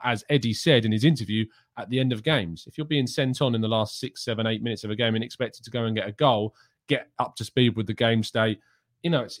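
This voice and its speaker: Opinionated man hosting a live Q&A. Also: mid-range voice. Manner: opinionated, rants and restarts mid-sentence. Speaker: host. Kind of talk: live stream Q&A reading chat questions.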